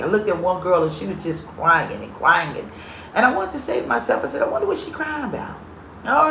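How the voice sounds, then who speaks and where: A woman's voice: sits low, a little hiss or hum. A woman pastor giving a live-streamed sermon, telling stories with humor and greeting viewers by name as she goes. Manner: lively, comedic storyteller. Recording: echoey room.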